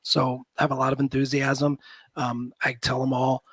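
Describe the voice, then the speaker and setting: A man's voice: medium pitch, flat delivery, moderate pace, fairly bright tone, breathy edge, no echo. A man in his fifties from the Midwest of the US, a college football general manager chatting as a guest and telling rambling, self-deprecating stories with many restarts. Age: 50s. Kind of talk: casual interview chat.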